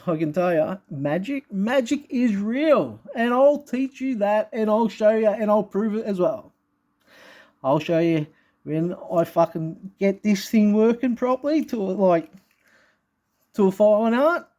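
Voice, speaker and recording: A man talking straight to his viewers in a rambling monologue, swearing constantly, restarting his sentences, and swinging between low mutters and loud outbursts. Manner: profane, intense and rambling, with frequent restarts. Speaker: vlogger.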